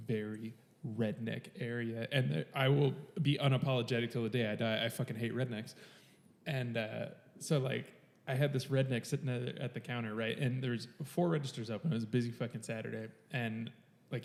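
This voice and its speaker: A man's voice: mid-range voice, steady tone, normal speed, vocal fry, a little mellow, long reverb tail. A man co-hosting a podcast, telling a work story casually, blunt and full of swearing. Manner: blunt and profane, swears freely. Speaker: podcast co-host. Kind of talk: casual chat, telling stories.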